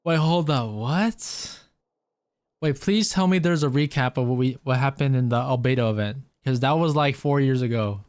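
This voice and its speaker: A man's voice: medium pitch, normal speed, darkish tone, dry recording, studio quality. A man doing casual, joking and profane gameplay commentary as a streamer, with a tired, strained throat. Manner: joking, profane, self-mocking. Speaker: gaming streamer.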